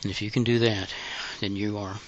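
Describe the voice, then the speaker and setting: A man giving intimate guided audio instruction in a breathy, halting, unhurried way, on a dull lo-fi recording. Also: on the low side, little pitch movement.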